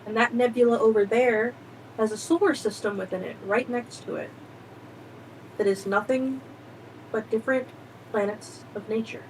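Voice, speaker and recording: A woman's voice: a little high, moderate pace, long pauses, a little hiss or hum, close to an everyday voice, low-quality recording. A woman playing a proud winged being. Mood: proud, grand.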